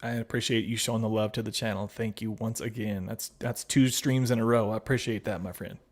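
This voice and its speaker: In a lowish, steady voice at a fairly quick pace, a man runs a casual livestream, reading out viewer comments and responding to them. He laughs frequently and is friendly, calling his audience buddy and babies.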